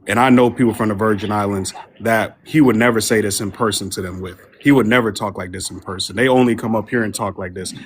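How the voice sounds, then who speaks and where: A man's voice: lowish voice, a little hiss or hum. A man co-hosting a heated live panel debate on an online call, grilling and cutting off a caller. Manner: combative, interrogating. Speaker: panel co-host.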